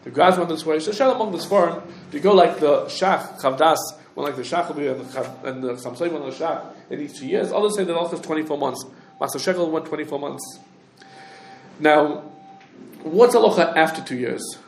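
A man teaching a halachic lecture, talking quickly with restarts and lots of Hebrew and Yiddish terms. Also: on the high side, echoey room, slight background noise. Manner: rapid, halting, many restarts, heavy Hebrew terms. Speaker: Torah teacher.

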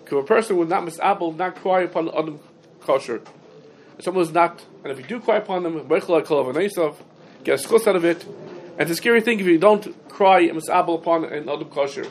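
Rebbe, slightly high voice, sing-song lecture cadence, faint room noise, fields student questions. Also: male voice, fast talker. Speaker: Talmud teacher giving a class. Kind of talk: yeshiva-style halacha lecture.

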